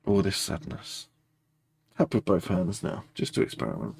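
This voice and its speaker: A man leading a guided tapping meditation, speaking slow, repetitive first-person affirmations. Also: low voice, fairly even intonation, a little mellow, husky.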